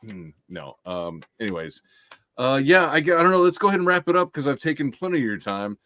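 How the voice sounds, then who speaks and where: A man's voice: medium pitch, sing-song, brisk, a bit bright. A man hosting a casual podcast chat, talking in a laid-back way with lots of fillers and swearing. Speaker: podcast host.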